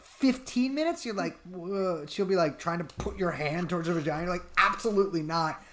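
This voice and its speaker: A man's voice: sits high, a little fast. Guy on a stream just rambling some ridiculous advice bit, dead serious about it. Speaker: podcast co-host. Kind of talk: comedic live-stream chat.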